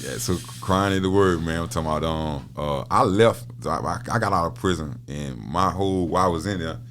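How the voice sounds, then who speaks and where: A man's voice: deep voice, fairly quick, fairly bright tone. A middle-aged man talking as a podcast guest in casual conversation, telling stories with repeated words and frequent laughter. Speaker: podcast guest, prison minister. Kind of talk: casual interview talk.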